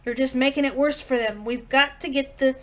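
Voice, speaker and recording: A weathered old man, blunt and stubborn, talks plainly and gruffly, as a woman reading aloud puts him on. His voice sits a little high for an old man, firm rather than loud. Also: fairly even intonation, fairly quick, close to an everyday voice. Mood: stern.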